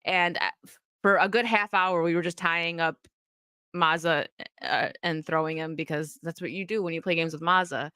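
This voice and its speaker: A woman's voice: on the low side, fairly even intonation, moderate pace, pushed and bright, clear, resonant tone, dry recording, studio quality. A woman hosting a casual livestream, chatting with viewers, reading their messages aloud and laughing often as she talks. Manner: chatty and upbeat, laughs often, frequent restarts. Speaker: livestream host reading chat. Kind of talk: casual chat.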